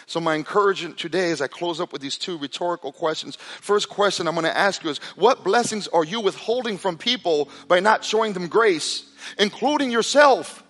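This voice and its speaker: A man preaching a sermon as pastor, telling a story with animated delivery that drops to a hushed, intense tone. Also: high voice, fairly quick. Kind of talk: sermon with storytelling and altar call. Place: church sanctuary. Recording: reverberant hall with soft music behind.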